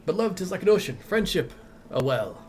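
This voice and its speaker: A man's voice: high-pitched, very animated, a little fast, a little hiss or hum, voice pushed up. A man voicing a hammy stage actor who declaims love lines in archaic, overwrought phrasing. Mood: melodramatic.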